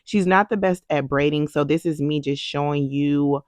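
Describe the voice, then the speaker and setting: A woman's voice: sits low, normal speed, a little mellow, no echo, clean studio sound. A woman vlogger narrating her day in a chatty, sassy voice-over, talking straight to her viewers. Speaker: lifestyle vlogger.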